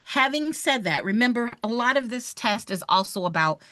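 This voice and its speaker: A woman, running a live online review for a real estate exam, chatty and animated as she talks straight to her viewers. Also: fairly high pitch, normal speed, dry recording, clean studio sound.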